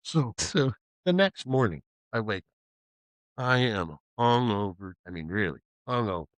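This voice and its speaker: A man's voice: fairly low pitch, normal speed, no echo, rough recording. A man telling a rowdy story in a casual chat, swearing freely, laughing often and acting out the other people's lines. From Pacific Northwest of the US. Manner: profane, animated, laughs often, acts out quoted voices. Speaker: podcast host telling a story.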